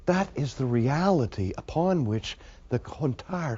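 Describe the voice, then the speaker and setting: A man's voice: medium pitch, expressive, measured pace, mellow, slightly rough. A male preacher delivering an emphatic sermon, with rhetorical questions to the audience, in a dull lo-fi recording.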